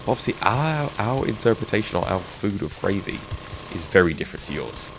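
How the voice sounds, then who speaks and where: Brief: middle-aged English male streamer, low gravelly voice, lively ups and downs, game noise behind. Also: fairly quick. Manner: chatty, reminiscing with chat, laughs often. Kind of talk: casual live-stream chat.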